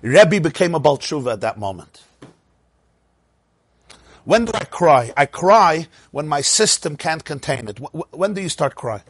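Husky-voiced man teaching Torah. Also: fairly high pitch, unhurried, no echo. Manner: animated, rhetorical questions, repeats words. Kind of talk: Torah lecture.

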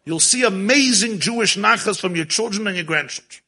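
A man with a husky, sharp-edged voice tells a story. His pitch sits a little high, and he talks in an animated way, chuckling as he goes and mixing in Yiddish and Hebrew words. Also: a little fast, few pauses. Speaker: religious storyteller. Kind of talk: storytelling talk.

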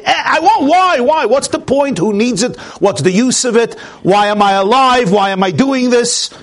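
A man with a high voice lectures a Torah class to a live audience. He talks emphatically, building long lists of repeated words. Hebrew and Yiddish terms run through his English. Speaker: rabbi teaching a class.

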